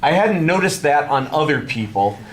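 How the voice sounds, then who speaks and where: A male public speaking instructor giving a student measured, frank feedback on a speech, with hedged praise. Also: fairly high pitch, sing-song. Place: classroom. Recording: echoey classroom.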